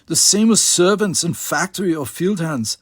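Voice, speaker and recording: Male reader doing a cool, earnest young woman, higher voice, dry sound. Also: lively intonation, normal speed, slightly rough, dry recording.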